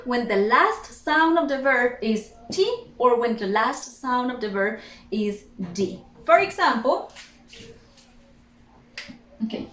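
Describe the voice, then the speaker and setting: Slow, drilling woman English teacher. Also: fairly high pitch, fairly bright tone. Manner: drills sounds slowly and repeats words. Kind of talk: pronunciation lesson. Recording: echoey room, faint ambience.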